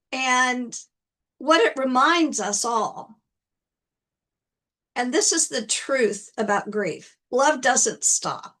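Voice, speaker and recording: A woman motivational speaker telling a personal story in a gentle manner, often repeating words as she goes. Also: sits high. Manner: gentle, unhurried, repeats words while recounting.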